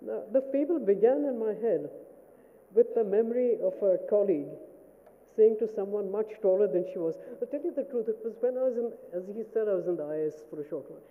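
A woman giving a formal memorial lecture as a writer, speaking in a measured, reflective way and checking in with her listeners. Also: medium pitch. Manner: measured, reflective, asks "Do you see?". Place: lecture hall. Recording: phone-like sound in a reverberant hall.

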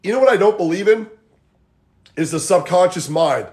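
Fitness coach guy on a phone livestream at home, kinda high voice, rambling motivational chat. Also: expressive, moderate pace, darkish tone. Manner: motivational, rambling, says "like" and "guys" often.

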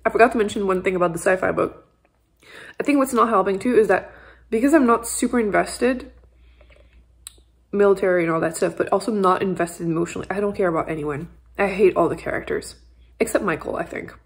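A young adult woman who vlogs about books chats casually from her couch at home, rambling with lots of "like" and small laughs. Her voice is medium-pitched and gravelly, and she speaks briskly.

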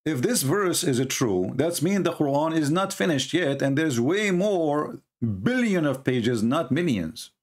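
A man hosts a livestream and derides religious debate with mocking scorn, his English grammar non-native. He speaks a little slowly, with a fairly high pitch and lively intonation.

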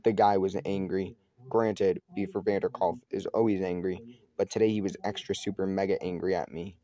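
A man's voice: deep voice, steady tone, moderate pace, warm tone. A man reading a children's novel aloud in first person, often stumbling over words and correcting himself. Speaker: reader.

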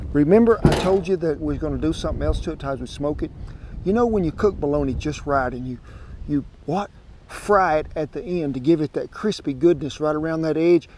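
A slightly high but darkish male voice with a Southern American accent comes through a wireless clip-on mic, with slight background noise. He's hosting an outdoor cooking show at a smoker grill, talking in a homespun way to his audience.

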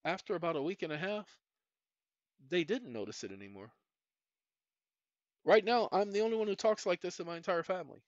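A man's voice: high-pitched, lively intonation, brisk, long pauses, no room sound. A middle-aged man hosting his own channel, rambling through a personal monologue and speaking straight to his viewers. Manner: rambling, repeats "ladies and gentlemen", talks straight to the audience. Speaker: channel host. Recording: muffled lo-fi, dry.

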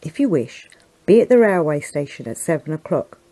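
Woman reading as a calm, self-assured man. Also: low-pitched, moderate pace. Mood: curt.

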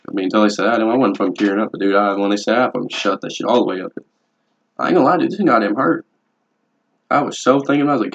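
In a fairly low voice, this young adult vlogger talks very fast about his tattoos. His casual, rambling delivery is laid-back, blunt, and full of swearing, captured in dull, lo-fi home video audio.

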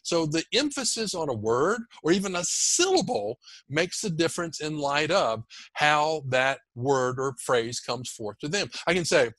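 Lively guy coaching on how to talk, bouncy pitch, dry close sound. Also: unhurried, hardly any pauses, no room sound. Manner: animated, demonstrative, emphatic delivery. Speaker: communication coach guest. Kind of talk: energetic podcast interview.

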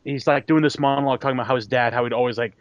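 A young man speaking as a podcast guest, halting and restarting as he searches for words. The recording is dry, with a dull, lo-fi sound. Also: medium pitch, fairly even intonation, smooth, dry recording. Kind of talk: casual chat.

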